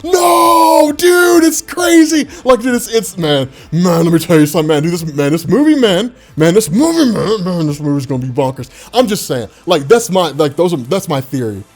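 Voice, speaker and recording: A man hosting a comic book channel, talking in excited, rambling casual commentary. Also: fairly high pitch, fairly quick, few pauses, soft background music. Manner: hyped, rambling, full of "man" and "dude".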